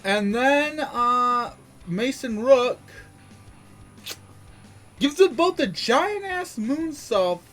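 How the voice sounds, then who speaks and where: A man's voice: very high voice, expressive, very slow, pauses often, a bit bright, faint music behind. A man giving a casual, rambling wrestling recap, full of fillers and restarts.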